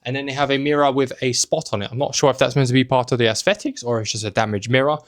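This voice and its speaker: Talking very fast in a steady, medium-pitched voice, a young travel vlogger and host walks viewers around a small hotel room on a handheld camera. He keeps it casual and jokey, full of offhand asides.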